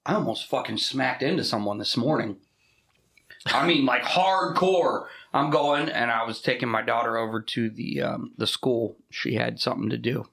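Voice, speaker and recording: A man co-hosting a casual podcast, telling profane, animated stories about driving and his daughter. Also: mid-range voice, normal speed, gravelly, reverberant. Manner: profane, animated storytelling with laughs. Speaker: podcast co-host. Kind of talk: casual chat.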